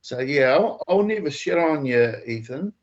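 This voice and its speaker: A man's voice: on the high side, expressive, moderate pace. Sarcastic man, lo-fi stream. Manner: sarcastic, profane, mock-serious. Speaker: livestream host. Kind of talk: casual call-in stream banter.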